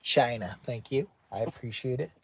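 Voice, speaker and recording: Broadcasting live from a sweltering tent, this American man talks casually to viewers and frequently baby-talks his dog. He's a camping vlogger with a husky, medium-pitched voice and a moderate pace.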